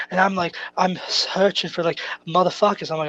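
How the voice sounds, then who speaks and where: On dull-sounding audio, this young podcast co-host from Canada talks at a moderate pace with few pauses, his voice high, steady and fairly bright. His casual story wanders, he curses often, and he laughs as he tells it.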